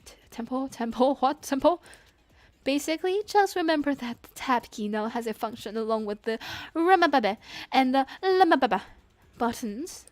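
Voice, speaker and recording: Excitable high-voiced woman gaming. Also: moderate pace, no room sound, faint music behind. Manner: excitable, laughs a lot, reads dialogue aloud. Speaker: gaming streamer. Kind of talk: excited gameplay commentary.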